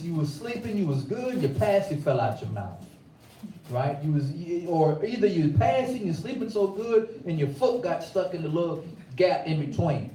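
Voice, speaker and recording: A man preaches in a loose, rhythmic way, circling back on his phrases. His voice is mellow and somewhat high. The sound is roomy, caught from a distance. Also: a little hiss or hum. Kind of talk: sermon.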